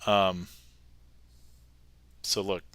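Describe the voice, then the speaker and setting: A man's voice: low-pitched, level tone, drawn-out words, a bit bright, no echo. A man hosting a live magic stream in casual chat, upbeat and chatty as he reads out and thanks his viewers. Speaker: magician livestream host.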